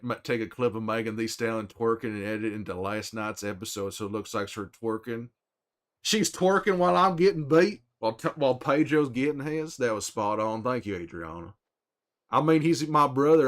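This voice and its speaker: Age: middle-aged. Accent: Texan drawl. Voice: a man doing a gruff, weary Texan, mid-pitched. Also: brisk, close to an everyday voice. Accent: Texan Southern drawl. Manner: drawling, folksy, teasing, trails off with "there" and a name. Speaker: streamer in character. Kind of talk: in-character chat with stream viewers.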